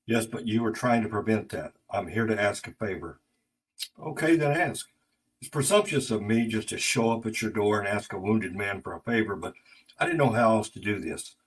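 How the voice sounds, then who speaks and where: A man voicing a formal, courteous gentleman of about forty who apologizes for imposing, in a spoken story. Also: on the low side, animated, normal speed, husky, rough recording.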